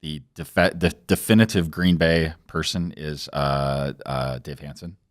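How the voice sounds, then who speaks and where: A man's voice: extremely low pitch, fairly even intonation, measured pace, no room sound, studio quality. A man with a Wisconsin accent co-hosting a casual political chat show, rambling, restarting sentences and laughing easily. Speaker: co-host.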